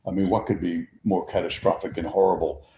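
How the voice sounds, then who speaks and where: Older guy in his 70s spinning a long sports story, kinda low voice, repeats himself a lot, roomy echo. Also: brisk, a little hiss or hum. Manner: rambling, repeats himself, animated impressions in stories. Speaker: sports talk show host. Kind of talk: conversational storytelling. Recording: echoey room.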